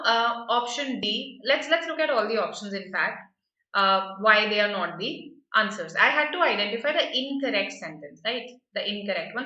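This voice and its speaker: A woman's voice: mid-range voice, bright, forceful tone, reverberant, lo-fi sound. A woman teaching a grammar lesson for exam prep, explaining patiently and often checking with "right?".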